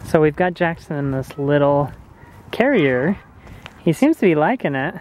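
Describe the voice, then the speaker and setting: A young man vlogging outdoors on a handheld camera, telling stories in an animated, casual way with laughs. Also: fairly high pitch, normal speed. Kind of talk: casual vlog chat. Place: outdoors on a busy street. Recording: faint street noise outdoors.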